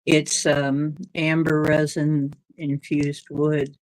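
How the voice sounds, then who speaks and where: Middle-aged woman rambling on her livestream, low voice, dry close sound. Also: level tone, slow, a little mellow, no room sound, rough recording. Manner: rambling, drifting, reacting to chat comments. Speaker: livestream host reading chat. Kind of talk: casual livestream chat.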